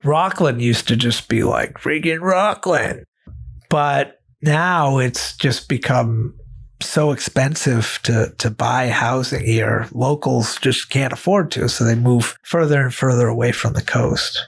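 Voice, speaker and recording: A man's voice: medium pitch, measured pace, vocal fry, husky. A man from Maine with a neutral American accent, chatting casually as an interview guest, rambling and correcting himself as he goes. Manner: rambling, self-correcting, laughs often. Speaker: guest comedian.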